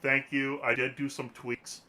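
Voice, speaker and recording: A man's voice: mid-range voice, little pitch movement, a little slow, bright, forceful tone, slight background noise. A man hosting a casual podcast, joking and rambling, laughing often, talking into a desk microphone. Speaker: podcast host.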